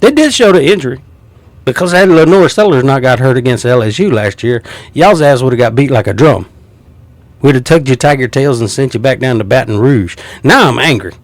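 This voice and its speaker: A man in his fifties with a drawl delivers a heated, mocking sports rant. His pitch leaps and dips with every jab. The sound is dry and close, with no room around it. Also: animated, fairly quick, no echo. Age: 50s. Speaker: sports commentator. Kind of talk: ranting sports commentary.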